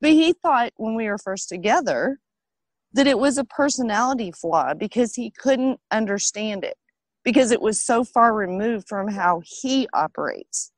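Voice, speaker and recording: Middle-aged woman with a high, bright voice, giggly and self-mocking, dry close mic. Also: normal speed, no echo. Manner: laughs often, lively and self-mocking. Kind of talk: casual chat.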